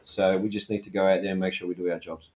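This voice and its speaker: A man speaking as a football coach, answering interview questions in a measured way, leaning on "look" and "I think". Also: sits low, flat delivery, a little mellow.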